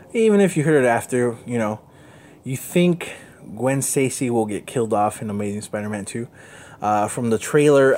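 A man hosting a podcast, giving a casual, halting recap of a comic book with many fillers. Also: medium pitch, darkish tone. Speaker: podcast host.

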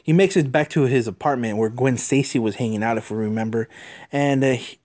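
A man hosting a podcast, giving a casual, halting recap of a comic book with many fillers. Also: medium pitch, a little mellow. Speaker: podcast host.

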